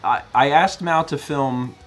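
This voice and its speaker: A man in his thirties co-hosting a casual chat show, telling an animated story and mimicking other people's voices. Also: on the high side, unhurried, faint music behind. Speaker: co-host.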